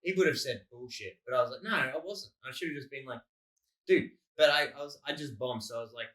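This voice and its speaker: Quick-paced and slightly bright, this mid-range male voice belongs to an Australian comedian from Melbourne who co-hosts a casual podcast. He wanders through his stories, cursing openly and performing other people's lines.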